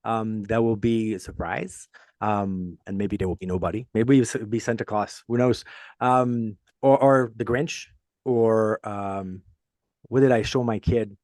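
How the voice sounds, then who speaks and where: A man with a French accent co-hosting a podcast in casual chat, talking in halting bursts with frequent restarts and fillers. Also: fairly low pitch, a little mellow, no room sound, studio quality. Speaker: podcast co-host.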